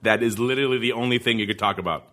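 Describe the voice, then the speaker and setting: A male podcast host talks through stock charts in a loose, jokey, rambling way. He sounds animated and playful, with an average male pitch. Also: very fast. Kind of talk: casual market commentary.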